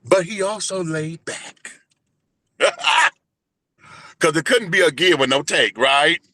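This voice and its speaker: A man in his forties telling a personal story in an animated, flamboyant, profane way during a casual interview. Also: fairly high pitch, slow, no room sound. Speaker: guest, entertainer and radio host.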